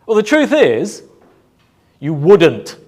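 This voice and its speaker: A man giving a motivational talk to a live audience, asking rhetorical questions and pausing for emphasis. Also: sits high, huge pitch swings, dark tone. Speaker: motivational speaker.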